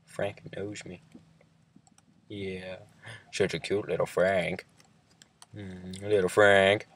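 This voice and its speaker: A man hosting a relaxed gaming session, speaking in a put-on accent and teasing his friend throughout. His voice sits fairly low, and he takes his time with each phrase. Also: takes it slowly. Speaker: host. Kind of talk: casual gaming chat.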